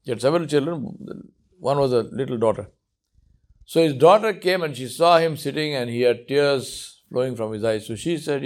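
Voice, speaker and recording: A man gives a sermon in a mid-range voice. He tells a story with animated storytelling and acts out each quote. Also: mid-range voice, normal speed. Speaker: preacher.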